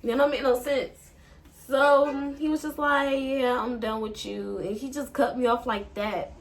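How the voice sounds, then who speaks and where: A woman's voice: sits high, normal speed. A woman vlogger, telling a breakup story in a rambling, emotional way and swearing a lot. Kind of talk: casual storytime.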